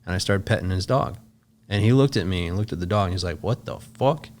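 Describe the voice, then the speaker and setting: A man's voice: sits low, quick pace, a little hiss or hum. A man, a podcast guest, telling a long story in casual, loose speech full of filler words and swearing.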